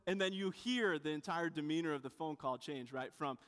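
A man with a high voice delivers a sermon, chatting and telling stories as he goes. He often breaks off and restarts his sentences, adding asides along the way. His voice carries a long reverb, as if filling a church hall. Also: a little fast, fairly bright tone. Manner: conversational, with frequent restarts and asides. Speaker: pastor. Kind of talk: sermon with storytelling.

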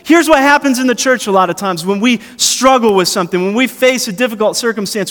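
A man preaching a sermon in a conversational, animated way. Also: very high voice, fast, few pauses. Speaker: pastor. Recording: long hall reverb.

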